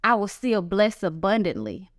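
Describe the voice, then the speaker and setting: A woman's voice: normal speed, no echo, clean studio sound. A woman guest telling a personal story in a casual interview, acting out the voices of people she quotes. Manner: animated, acts out quoted voices with big pitch jumps. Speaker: guest author.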